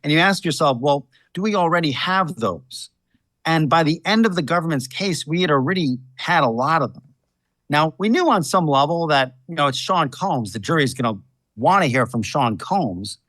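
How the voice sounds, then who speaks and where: A man's voice: fairly high pitch, lively intonation, fairly bright tone, no echo. Dry, storytelling man, a defense lawyer. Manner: storytelling, measured. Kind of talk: interview answers.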